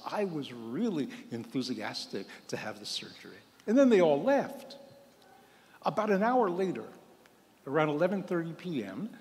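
A man in his seventies, a priest, telling a humorous personal story in a sermon and acting out the voices of the people in it. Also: a little high. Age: 70s. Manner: humorous, acts out quoted voices. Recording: long hall reverb.

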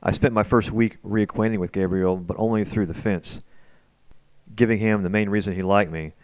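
Male documentary narrator, low voice, calm scripted voice-over. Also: slight background noise. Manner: calm, measured storytelling. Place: voice-over, recorded apart from the outdoor footage.

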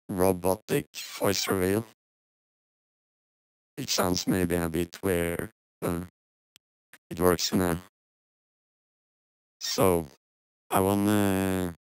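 Guy on a robot voice filter, super low and slow, kinda hesitant and apologetic. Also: clean tone, no room sound, low-quality recording. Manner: hesitant, apologetic, many fillers. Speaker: music producer hosting a live stream. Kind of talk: casual live-stream talk. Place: home studio.

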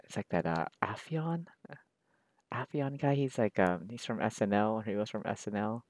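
A man's voice: lowish voice, lively intonation, moderate pace, dry recording. A man chatting casually while he draws, rambling in a slangy, profane, laid-back way. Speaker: artist drawing on camera. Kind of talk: casual chat while drawing.

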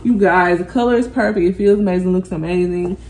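A woman's voice: lowish voice, brisk, a little mellow, reverberant, distant mic. A young woman chatting casually to viewers as she unboxes clothes and bags, full of slang. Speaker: vlogger.

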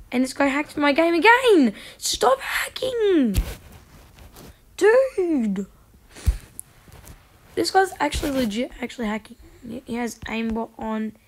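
High-voiced woman ranting over gameplay. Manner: excitable, frustrated outbursts. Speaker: gaming channel host. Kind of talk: casual gameplay commentary.

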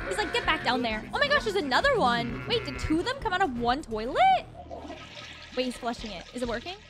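A woman's voice: high-pitched, very animated, quick pace. A young woman hosting a reaction video, exclaiming, gasping and laughing as she comments. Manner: exclaims, gasps and laughs often. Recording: loud music behind.

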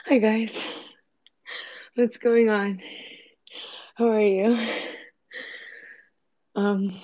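A woman's voice: mid-range voice, steady tone, drawn-out words, pauses often, no room sound, muffled recording. Giggly woman chatting on a livestream. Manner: chatty, giggly, talks back to viewer comments. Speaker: livestream host. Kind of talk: casual livestream chat with viewers. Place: home kitchen.

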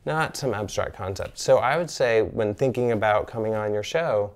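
Man, lowish voice, animated storyteller, acts out dialogue. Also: normal speed, clean tone. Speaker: physician guest. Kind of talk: conversational storytelling.

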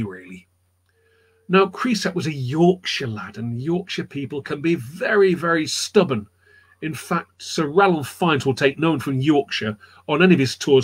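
A man's voice: on the high side, breathy edge. A man telling history anecdotes in a rambling, chatty way on a live chat show, repeating his words as he goes. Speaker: storyteller guest.

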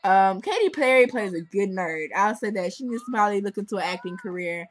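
A woman's voice: mid-range voice, animated, fairly quick, slight background noise, poor audio. Chatty sarcastic young woman reviewer. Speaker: video reviewer. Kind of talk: casual video review.

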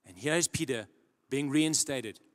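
A man preaching a sermon in earnest storytelling style, dropping to a hush and then rising to loud emphasis. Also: mid-range voice, expressive, measured pace. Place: large church hall. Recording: long church-hall reverb.

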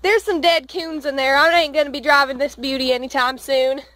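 A woman playing a cheerful country farm girl with a Southern drawl, telling deadpan one-liners. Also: high-pitched, a little fast, no echo, pitched below the performer's own voice. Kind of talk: comedy sketch.

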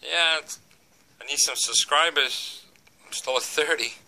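Rambling older Boston man, bright voice. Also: on the high side, measured pace. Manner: rambling, leans on "you know", folksy jokes. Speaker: vlogger. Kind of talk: casual home vlog chat. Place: at home.

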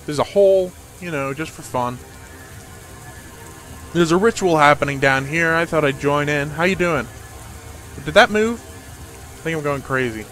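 Young male gamer, sarcastic let's play commentary, slightly high voice. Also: unhurried, long pauses, a bit bright, soft background music. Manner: sarcastic, joking.

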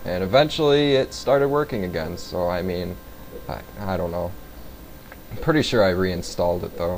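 A man's voice: low-pitched, darkish tone, a little hiss or hum, rough recording. A man hosting a gaming video, rambling offhand through casual commentary and swearing now and then.

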